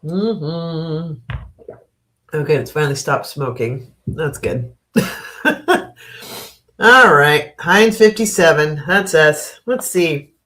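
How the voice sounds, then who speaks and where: A woman hosting a live stream in a relaxed, chatty way, speaking at an unhurried, drawn-out pace. She laughs easily, greets viewers by reading their comments aloud, and turns frank and opinionated on current events. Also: low voice. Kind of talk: casual live-stream chat.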